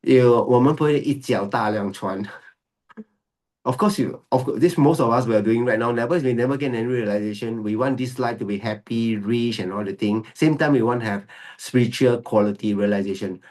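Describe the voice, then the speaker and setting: A man's voice: mid-range voice, brisk, darkish tone. A male Buddhist monk giving a dharma teaching, repeating key phrases for emphasis and slipping Mandarin phrases into his English. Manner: mixes English with Mandarin phrases, laughs often.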